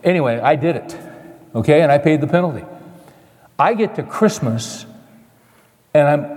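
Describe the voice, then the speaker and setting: An older man preaching a sermon, telling a personal story, acting out his past voice and dropping soft and low at the end. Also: animated, normal speed, long pauses. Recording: long reverb of a large hall.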